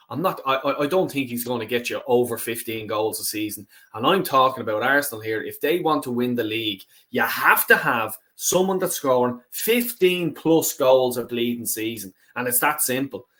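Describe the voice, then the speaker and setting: A man's voice: mid-range voice, fairly bright tone. A man hosting a casual football fan stream, sweary, blunt and rambling, greeting viewers as he goes. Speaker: football fan channel host. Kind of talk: casual livestream chat.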